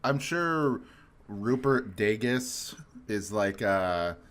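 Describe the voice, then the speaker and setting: A man's voice: on the low side, lively intonation, extremely slow, fairly bright tone. A man co-hosting a podcast in casual chat, rambling, swearing and laughing often. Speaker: podcast co-host.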